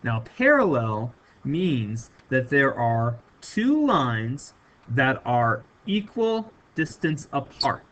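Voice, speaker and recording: Lively, bright-voiced male math teacher. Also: mid-range voice, slow pace, muffled recording. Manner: emphatic, repeats key words for students. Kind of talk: recorded video lesson.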